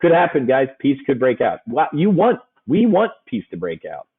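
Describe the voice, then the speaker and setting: A man's voice: medium pitch, wildly swooping pitch, normal speed, husky, phone-quality sound. A man giving a casual options trading lesson, folksy and joking, hammering points home with repetition.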